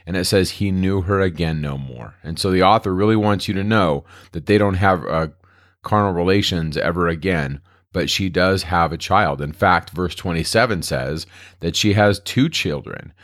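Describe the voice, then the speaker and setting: A deep-voiced man teaches a Bible lesson in a relaxed, conversational way. He retells the old text in everyday modern phrasing, as if talking to a class. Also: moderate pace. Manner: conversational, retells scripture in plain modern words. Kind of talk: casual Bible study lecture.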